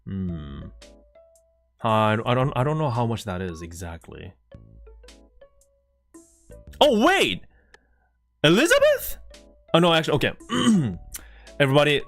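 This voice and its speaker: A man streams from his room, flustered and excitable, stumbling over his words as he talks to chat. His voice sits at a middle pitch, with faint music playing behind him. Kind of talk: casual live-stream chat.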